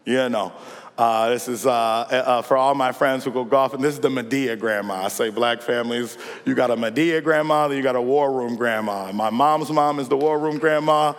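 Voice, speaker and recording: A man's voice: medium pitch, fairly even intonation, moderate pace. A male pastor giving a conversational, humorous sermon who keeps checking in with his listeners. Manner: conversational and humorous, calling for responses. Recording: long reverb in a large hall.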